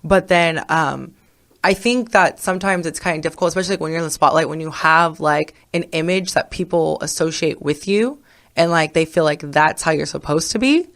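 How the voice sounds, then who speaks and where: A woman's voice: deep voice, brisk, a bit bright. A woman co-hosting a podcast in casual chat, talking loosely with many fillers and frequent laughs. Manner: chatty, lots of "like" and laughs. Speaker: podcast co-host.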